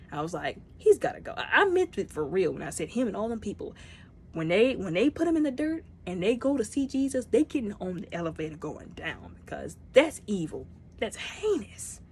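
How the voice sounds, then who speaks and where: A woman casually reviewing a movie, retelling scenes with lively, acted-out character lines. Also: lowish voice, a little hiss or hum.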